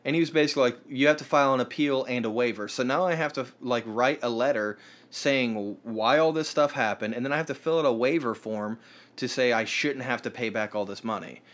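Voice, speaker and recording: A man's voice: medium pitch, brisk, a bit bright. A man telling a long story in casual chat, rambling with fillers and restarts.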